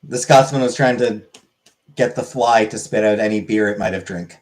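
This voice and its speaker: A man's voice: on the low side, normal speed, a little mellow. A man hosting a casual comedic monologue, crude and irreverent, rambling between jokes.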